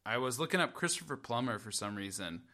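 A man's voice: mid-range voice, lively intonation, fast talker, pushed and bright. A man co-hosting a casual comedy podcast, bantering playfully and laughing often. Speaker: podcast co-host.

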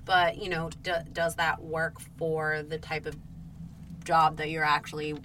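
A woman co-hosting a casual chat podcast, animated and given to acting out what others say. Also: low-pitched, measured pace, noisy background. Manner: animated, acts out quoted bosses. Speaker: podcast co-host.

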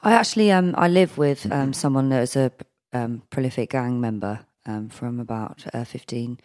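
A man's voice: medium pitch, moderate pace, a little mellow. Mid-voiced man, hesitant conversational co-host, full of ums. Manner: thoughtful, hesitant with many ums. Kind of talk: casual chat.

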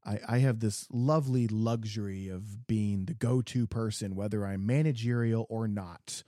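A man from the Midwest co-hosting a podcast, telling a customer story in an animated way and acting out the voices. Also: fairly low pitch, no room sound, studio quality. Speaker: podcast co-host; garden center worker. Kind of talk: casual storytelling chat.

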